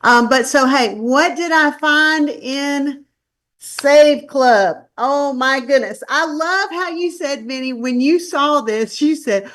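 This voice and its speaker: A woman's voice: high voice, slow, fairly bright tone. A woman in her fifties with a Southern US drawl, a guest speaker chatting effusively on a webinar. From Charlotte, North Carolina. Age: 50s. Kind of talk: casual webinar chat.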